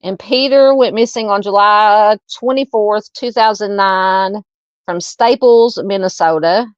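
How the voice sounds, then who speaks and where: A woman's voice: mid-range voice, measured pace, clear, resonant tone, dry recording. A Southern woman hosting a true crime livestream, talking loosely and casually with lots of fillers. She is recorded dry and close, on a slightly muffled, dull-sounding mic. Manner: chatty, warm to viewers, frequent fillers and laughs. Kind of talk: casual livestream chat reading comments.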